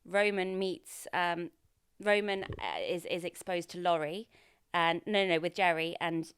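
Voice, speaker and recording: A woman's voice: lowish voice, fairly even intonation, a little slow, a bit bright, clear, resonant tone. A woman co-hosting a podcast, chatting casually and rambling as she recaps a TV episode, often correcting herself. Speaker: podcast co-host.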